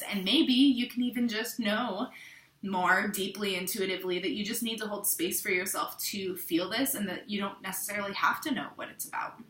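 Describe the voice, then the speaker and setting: A woman's voice: medium pitch, normal speed, reverberant. A young adult woman from the Pacific Northwest, talking candidly and reflectively to her channel's viewers, with frequent restarts. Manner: candid, rambling, with frequent restarts and soft asides. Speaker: vlogger. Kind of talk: casual reflective talk to camera.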